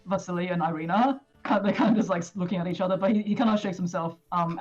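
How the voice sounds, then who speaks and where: A woman narrating as game master of a tabletop game, casual and halting, with many fillers. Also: on the low side, a little mellow, lo-fi sound, soft background music.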